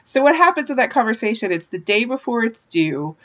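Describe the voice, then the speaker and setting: A woman's voice: on the high side, sing-song, fairly quick, lo-fi sound. A woman co-hosting a podcast, chatting casually and animatedly about a book, laughing often. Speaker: podcast co-host. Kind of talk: casual chat recapping a book.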